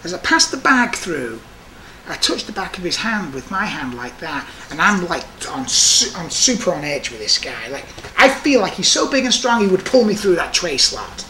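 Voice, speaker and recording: A man working as a prison guard, telling stories from the job in a restless, animated way full of asides. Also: high-pitched, moderate pace, a little hiss or hum. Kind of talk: storytelling monologue.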